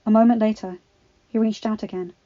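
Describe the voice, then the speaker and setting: A woman narrating a fan-fiction story in a steady, expressive reading. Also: medium pitch, fairly quick. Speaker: audiobook reader. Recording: dull lo-fi recording with faint music.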